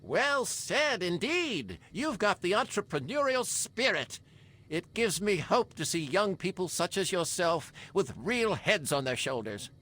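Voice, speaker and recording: Pompous older gentleman landlord. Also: high voice, big pitch swings, a little slow, full character voice. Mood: approving. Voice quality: refined, pompous drawl. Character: genteel older male tower landlord, smug. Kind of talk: video game voice acting.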